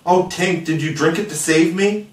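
A man voicing an excitable, cocky young boy hero in a storybook reading, calling out loud and urgent. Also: sits high, normal speed, voice pushed up, natural voice. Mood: distressed. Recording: roomy, distant mic.

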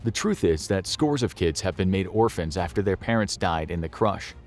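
Deep-ish guy doing serious documentary narration, music faintly underneath. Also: moderate pace. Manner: grave, dramatic storytelling.

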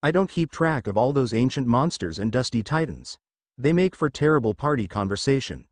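A man's voice: mid-range voice, lively intonation, brisk, dry recording, lightly acted. A man doing a bored, sarcastic wine god. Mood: sardonic. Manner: languid, sarcastic.

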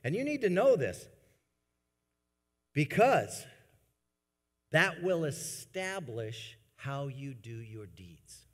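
A man preaching a sermon to his congregation, swinging between soft, low asides and loud, emphatic bursts. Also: sing-song, takes it slowly, pauses often. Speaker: pastor. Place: church sanctuary. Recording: long church reverb.

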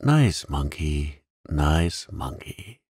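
A man voicing a kind, imaginative young girl who talks in a soft, coaxing, crooning way. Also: on the low side, very animated, slow pace, vocal fry, dry recording, clean studio sound, voice pushed up, heavily acted. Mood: tender, playful.

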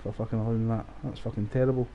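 A man's voice: on the low side, level tone, rapid-fire, gravelly, highs cut off. Sweary Scottish man streaming a game. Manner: sweary, rowdy banter with the chat. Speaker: gaming streamer. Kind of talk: live gameplay commentary.

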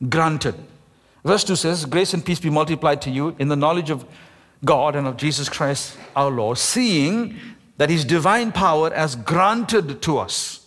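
A man, the pastor, preaching a sermon with emphasis, slowing down and stretching key words. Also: fairly high pitch, lively intonation, a bit bright. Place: church sanctuary. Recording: echoey church hall.

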